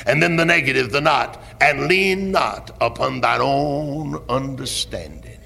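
Preacher man, swings hushed to shouting, lively pitch, long church echo on an old tape. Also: a little slow, vocal fry. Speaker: pastor. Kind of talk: sermon. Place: church sanctuary. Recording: echoey 1970s church recording.

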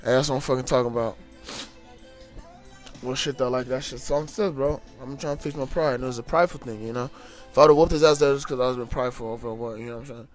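A man's voice: medium pitch, fast talker, soft background music. Heated young man telling a story. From United States. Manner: profane, heated, animated retelling. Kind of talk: casual storytelling to camera.

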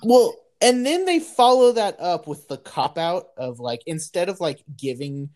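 A woman's voice: on the low side, expressive, unhurried, darkish tone. A woman co-hosting a casual podcast, chiming in with wry agreement and short remarks. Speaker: podcast co-host. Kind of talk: casual chat.

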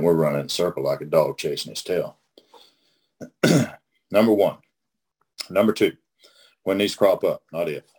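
Deep husky man teaching with folksy emphasis. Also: darkish tone. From Oklahoma. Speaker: host leading a recovery study. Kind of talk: casual teaching talk.

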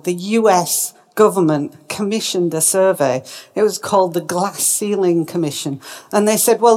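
A woman giving a presentation talk, emphatic and lively, putting questions to her audience. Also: mid-range voice. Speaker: speaker.

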